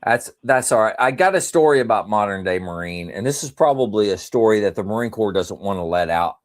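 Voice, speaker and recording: A male podcast host with a brisk voice on the low side chats casually and tells stories. He's an animated storyteller who laughs often as he talks.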